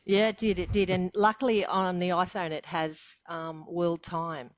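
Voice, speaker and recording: A woman's voice: on the low side, flat delivery, normal speed, no room sound. An Australian woman in her sixties, a podcast guest telling her stories in a chatty way and laughing often. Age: 60s. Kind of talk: casual storytelling.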